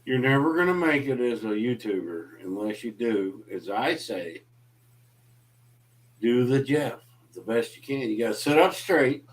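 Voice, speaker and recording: A man's voice: medium pitch, animated, unhurried. A man chatting as a guest on a late-night livestream, joking and ribbing the host. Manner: joking, teasing, playful. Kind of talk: casual late-night chat.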